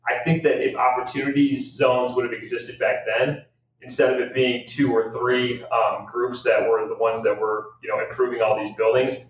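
A man's voice: medium pitch, little pitch movement, slight background noise. Man far off in a very echoey room. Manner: measured, hedging, with restarts. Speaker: real estate guest. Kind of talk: casual podcast interview. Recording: distant mic in a very echoey room, dull.

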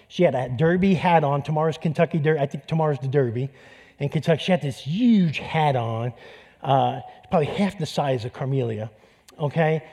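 A man's voice: a little high, warm tone. A man preaching a sermon, telling personal stories in a conversational way. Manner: conversational, storytelling with restarts. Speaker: pastor.

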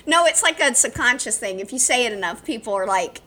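Woman, podcast co-host, from Alabama, casual chat, playful puns, bright voice. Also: on the high side, animated, fairly quick. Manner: playful, punning, self-mocking storyteller.

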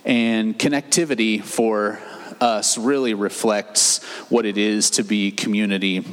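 Low-voiced pastor in a reverberant hall. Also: male voice, steady tone, a little slow. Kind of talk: sermon.

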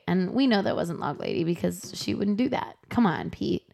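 A woman co-hosting a casual recap podcast, chatty and profane, slipping into quick voices for the characters. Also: lowish voice, wildly swooping pitch, gravelly, a little mellow. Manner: chatty, swears, acts out characters in quick impressions. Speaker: podcast co-host recapping a TV episode. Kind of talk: casual chat.

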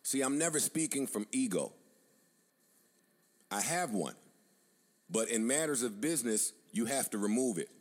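A man speaking in an assertive, deliberate way, lecturing his critics with confidence. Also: medium pitch, lively intonation. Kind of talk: confident commentary.

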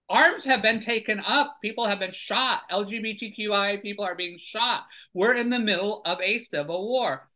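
A man's voice: high-pitched, moderate pace, hardly any pauses, pushed and bright. A man as a podcast guest, arguing his points emphatically in casual conversation. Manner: emphatic, argumentative, lecturing.

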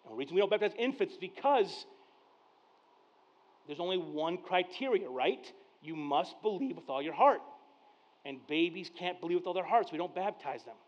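A man with a rather high voice preaching from the pulpit in a chatty, storytelling way. He acts out the conversations, goes quiet and then suddenly loud. The sound is muffled and lo-fi. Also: animated, moderate pace. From Mexican heritage. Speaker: pastor. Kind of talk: sermon with personal stories. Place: church service. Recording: dull lo-fi sound.

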